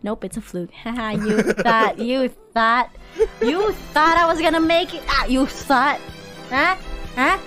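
Frantic, laughing high-voiced woman streamer. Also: measured pace, over music. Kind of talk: casual live-stream chat.

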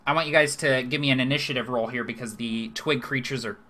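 A young man acts as game master for a tabletop game, narrating scenes descriptively while stumbling over fillers and repeated words. His mid-range voice is steady in tone and fast, and the recording is very noisy.

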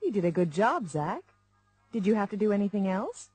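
Lady doing patient mom in a textbook dialogue, husky mellow voice. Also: mid-range voice, very animated, fairly quick, soft background music. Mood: calm. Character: patient organized family mother.

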